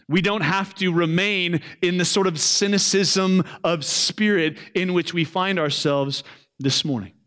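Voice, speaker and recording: Male pastor delivering a sermon, slightly higher-pitched voice, earnest, surges loud then drops quiet. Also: steady tone, a little slow.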